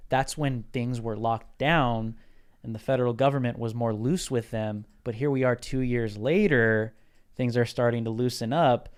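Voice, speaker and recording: A man's voice: mid-range voice, steady tone, normal speed, smooth. A man on a political talk show, speaking loosely with many fillers.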